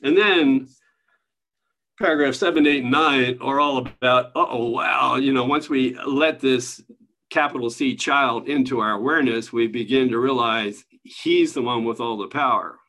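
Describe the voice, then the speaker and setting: A man leading an online spiritual study group, teaching in a relaxed, conversational way and chuckling often as he hands out readings over a video call. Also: mid-range voice, moderate pace.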